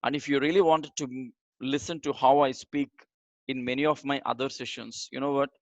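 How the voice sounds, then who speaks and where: An energetic man runs a live online communication class, speaking straight to his learners and repeating key phrases for emphasis. His voice sits at a middle pitch and sounds close and dry, with no room echo. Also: a little fast, lo-fi sound. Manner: energetic, motivational, talks straight to the audience. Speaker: communication trainer.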